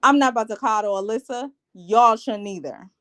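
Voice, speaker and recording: A woman's voice: on the high side, a little fast, a bit bright. Sassy, blunt woman recapping reality TV. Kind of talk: casual TV review vlog.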